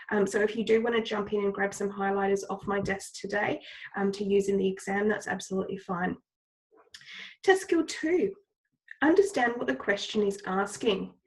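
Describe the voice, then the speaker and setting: A woman's voice: mid-range voice, rough recording. A woman teacher with a cold, giving patient, step-by-step instructions in a recorded lesson and repeating the key points. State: has a cold, coughing.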